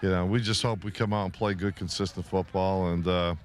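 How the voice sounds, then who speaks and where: A middle-aged man, a head football coach, speaking humbly and haltingly in a pregame interview. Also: deep voice, fairly even intonation. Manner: humble, halting, many fillers.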